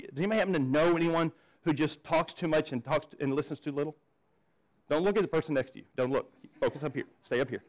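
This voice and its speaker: Male pastor preaching, conversational, fairly high-pitched, restarts sentences, asks the room questions. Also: low-quality recording. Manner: conversational, repeats words when starting sentences, asks the audience questions. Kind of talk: sermon. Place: church.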